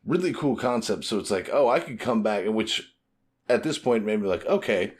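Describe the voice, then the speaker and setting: An American man in casual podcast chat, animated and swearing, acting out quotes in put-on voices. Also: fairly low pitch, moderate pace, husky. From United States. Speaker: podcast co-host.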